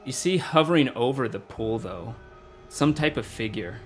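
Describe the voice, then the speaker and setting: A man's voice: medium pitch, animated, normal speed, soft background music. A man running a tabletop game as dungeon master, describing scenes casually with fillers.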